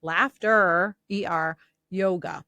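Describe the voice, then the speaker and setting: A woman with a Massachusetts accent co-hosting a casual podcast, wry and teasing with quick jokes. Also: fairly low pitch, steady tone, bright, forceful tone, no echo. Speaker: podcast co-host. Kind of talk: casual chat.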